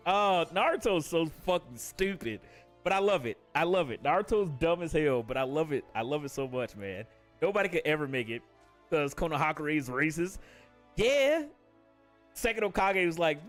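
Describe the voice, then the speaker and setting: A man's voice: on the high side, animated, moderate pace, soft background music. A man ranting casually on a live stream, swearing constantly, laughing often and jumping into quoted character voices.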